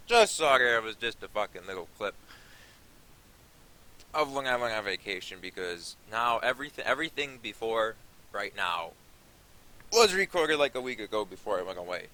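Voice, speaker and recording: A man's voice: lowish voice, expressive, moderate pace, long pauses, bright, forceful tone. A young man narrating his own vlog in a rambling, offhand way, swearing freely. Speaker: vlogger.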